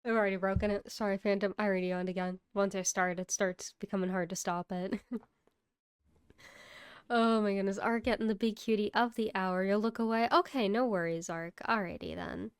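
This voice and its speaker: A woman's voice: mid-range voice, steady tone, a little fast, clear, resonant tone, no room sound, studio quality. A woman streamer chatting casually with her live chat during a horror game, sleepy and laughing often.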